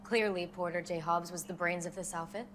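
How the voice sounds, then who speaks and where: An actress playing a young female hunter who talks in a brisk, questioning way. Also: on the low side, steady tone, a bit bright, lightly acted. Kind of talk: TV drama acting. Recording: noisy TV clip audio.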